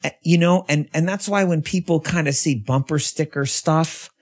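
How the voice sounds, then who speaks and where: A man talking as a podcast guest in casual conversation, animated, swearing freely and restarting his sentences often. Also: a little high, moderate pace.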